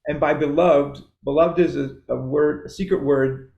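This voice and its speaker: A man's voice: on the high side, steady tone, normal speed, gravelly, a little mellow, echoey room, lo-fi sound. A middle-aged man with a Canadian accent, chatting as a podcast guest in a rambling, self-interrupting way with frequent laughs. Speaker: guest musician. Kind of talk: casual podcast chat.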